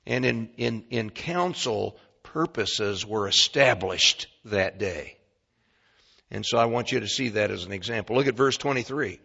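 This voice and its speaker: A man preaching a sermon as pastor, emphatic and swinging between quiet and loud. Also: on the low side, animated, unhurried, creaky, slightly rough. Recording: dull lo-fi recording.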